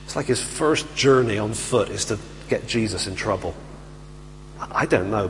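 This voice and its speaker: A man preaching a sermon, telling the story in a lively way and acting out the voices of the people in it. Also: medium pitch. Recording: hall reverb with faint hum.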